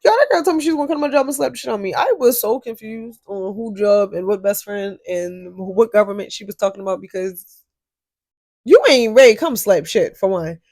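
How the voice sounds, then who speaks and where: A young woman telling a story to her viewers in a casual vlog, animated and swearing freely. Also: medium pitch, fairly quick, no echo. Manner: animated, profane, talks straight to viewers. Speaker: storyteller vlogger.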